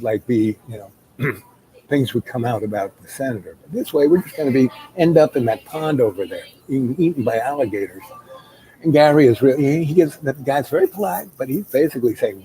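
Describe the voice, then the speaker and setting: Male storyteller, mid pitch, relaxed warm tone, casual rambling delivery. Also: brisk, poor audio. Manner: rambling, many fillers and restarts.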